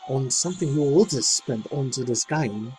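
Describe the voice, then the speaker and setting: A man voicing a woman, quoting her words in a put-on British accent, slow and earnest. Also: mid-range voice, lively intonation, soft background music, natural voice, poor audio.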